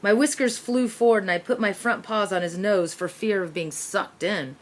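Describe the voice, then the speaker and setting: A woman reading a children's chapter book aloud, narrating in the first person with expressive delivery. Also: medium pitch, normal speed. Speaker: storyteller.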